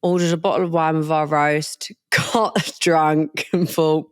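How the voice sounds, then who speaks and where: A woman's voice: sits low, flat delivery, unhurried, clean tone, dry recording, studio quality. A young woman, co-hosting a podcast in casual, giggly chat full of "like". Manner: chatty, giggly, lots of "like". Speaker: podcast co-host.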